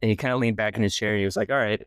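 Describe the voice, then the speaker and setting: Rambling young man with a smooth voice. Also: lowish voice, fairly even intonation, rapid-fire, no echo, studio quality. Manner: rambling, self-deprecating, many restarts. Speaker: guest filmmaker. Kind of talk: casual storytelling interview.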